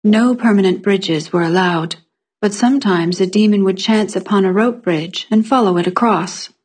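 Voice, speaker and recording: A woman narrating a fantasy short story in a calm, measured way. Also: medium pitch. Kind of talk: scripted fiction narration.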